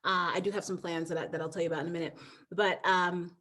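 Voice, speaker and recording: A woman's voice: lowish voice, little pitch movement, quick pace, a bit bright. A woman guest in a casual interview, talking in a rambling way with frequent restarts and fillers and laughing easily. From United States. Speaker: guest, trail runner and author.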